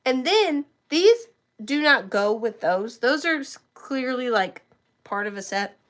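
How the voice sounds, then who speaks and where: Selling on a live stream from home, a woman with a high, expressive voice speaks a little slowly, her throat sore from all the talking. She keeps up a chatty patter, naming viewers as she holds up each item.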